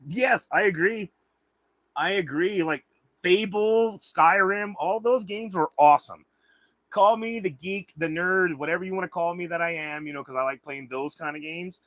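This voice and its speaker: A man's voice: high voice, moderate pace, fairly bright tone, dry recording. A man hosting a livestream in casual chat, rambling and swearing freely. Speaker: livestream host.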